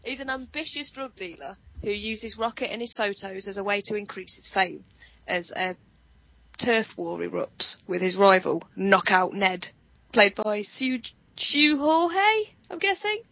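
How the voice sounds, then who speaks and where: A woman's voice: mid-range voice, unhurried, gravelly, no echo. A woman co-hosting a casual movie chat, chatty and giggly, stumbling over foreign names. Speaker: podcast co-host. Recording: dull lo-fi, dry sound.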